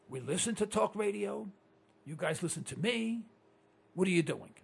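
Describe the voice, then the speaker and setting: High gravelly ranting radio host man. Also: expressive, moderate pace. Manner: ranting, repetitive, hollering at listeners. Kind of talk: talk radio monologue.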